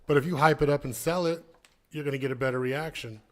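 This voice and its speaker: A man's voice: fairly high pitch, fairly even intonation, fast, fairly bright tone. A man guesting on a podcast as a comedian, speaking in a laid-back, hesitant way. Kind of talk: casual chat.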